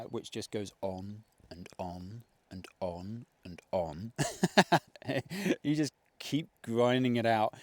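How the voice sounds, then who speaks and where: Middle-aged man, casual outdoor vlog narration, rambling and self-deprecating, plain mid-pitched voice, dry close sound. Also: a little mellow, smooth, dry recording. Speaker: fell runner vlogger. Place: outdoors on open fells.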